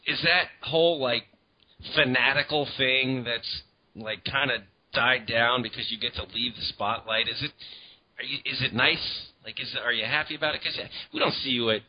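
A man's voice: mid-range voice, dull audio. A man hosting a casual interview, asking loose, chatty questions with a laugh. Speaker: podcast host.

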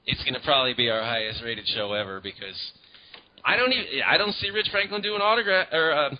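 A man's voice: medium pitch, quick pace, muffled recording, noisy background. A man hosting a casual interview, asking loose, chatty questions with a laugh. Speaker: podcast host.

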